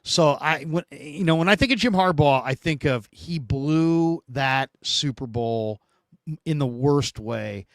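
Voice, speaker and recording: Emphatic, animated man hosting sports talk. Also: fairly high pitch, takes it slowly, no room sound, studio quality. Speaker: sports show host.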